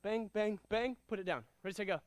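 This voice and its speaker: A man teaching a karate class, giving energetic commands and calling out drills and counts. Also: high voice, fairly quick, clear, resonant tone, dry recording. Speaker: karate instructor. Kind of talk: martial arts class instruction.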